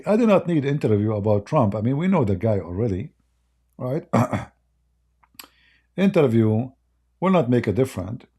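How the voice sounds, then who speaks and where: A man's voice: mid-range voice, sing-song, normal speed, long pauses, dark tone, husky. A man whose first language is Arabic, speaking in a rambling, joking and mocking way with broken English. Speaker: online commentator. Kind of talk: casual joking monologue.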